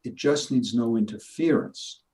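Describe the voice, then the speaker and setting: A man's voice: medium pitch, measured pace, dark tone, low-quality recording. An older man, a retired chiropractor, talking in an emphatic, preachy way in a casual interview. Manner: emphatic, preachy, laughs at his own points.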